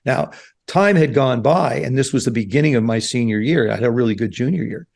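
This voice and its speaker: A man in his seventies from New Jersey, a guest telling stories in an animated way on a podcast. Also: mid-range voice, a little fast, gravelly. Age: 70s. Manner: animated storyteller, acts out quoted voices. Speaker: guest, former quarterback. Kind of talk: storytelling interview. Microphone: podcast studio mic.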